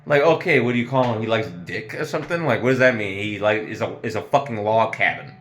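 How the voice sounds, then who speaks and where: A man's voice: fairly low pitch, fast talker, fairly bright tone, a little hiss or hum. A man ranting casually about a TV episode, exasperated and profane, laughing at his own jokes. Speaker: TV show reviewer. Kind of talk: casual profane review rant.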